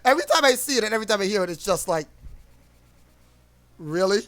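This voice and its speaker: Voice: mid-range voice, very animated, very fast, fairly bright tone. A streamer in a casual livestream rant, rambling and blunt, with frequent swearing.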